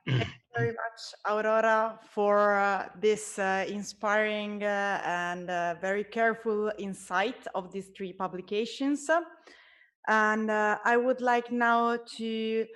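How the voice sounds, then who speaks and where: A woman moderates an online conference and introduces the next speaker. She talks slowly and hesitantly, with many fillers between words. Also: medium pitch, level tone, fairly bright tone. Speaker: conference chair.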